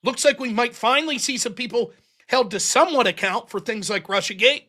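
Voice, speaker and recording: In a very high, pushed and bright voice, a man talks a little fast while ranting about politics on his livestream. He's angry and profane, firing one rhetorical question after another.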